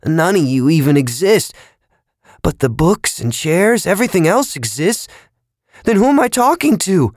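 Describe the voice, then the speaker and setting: A man narrating a story, voicing a frightened man who pleads in halting, strained bursts. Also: lowish voice, vocal fry, a little mellow, no echo, studio quality. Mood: panicked. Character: frightened man losing touch with reality.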